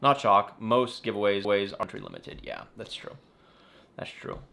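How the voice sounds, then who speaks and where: A man's voice: on the low side, steady tone, normal speed, vocal fry, fairly bright tone. A man hosting a casual live-stream Q&A as an aquarium YouTuber, chatty and rambling, often correcting himself and apologizing. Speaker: aquarium YouTuber answering viewer questions. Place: home in the California desert.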